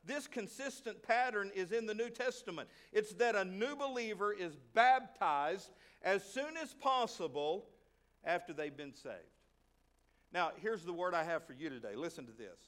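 A high-voiced man preaches from the pulpit. He drives points home by repeating short phrases, rising loud for emphasis and then dropping into quiet asides. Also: expressive, normal speed. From Arkansas. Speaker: pastor. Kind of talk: sermon.

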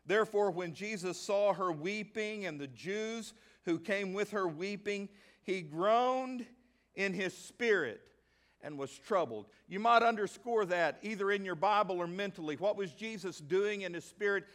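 A male pastor from the American South preaching a sermon. He reads scripture at length and asks the congregation questions that he then answers himself. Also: high voice. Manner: reads scripture aloud at length, slowing on key words; bursts into excitement.

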